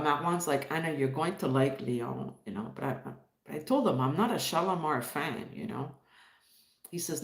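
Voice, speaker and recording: A woman's voice: sits low, echoey room. A woman from Montreal hosting a live stream, chatting casually and greeting viewers by name as she reads the chat. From Montreal, Canada. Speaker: livestream host.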